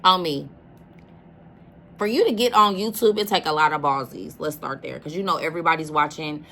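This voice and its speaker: A woman with a lowish voice chats her way through a reaction video, casual and emphatic and quick to address her listeners directly. A faint hiss sits under the recording. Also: fairly bright tone. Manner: chatty, emphatic, calls listeners "baby".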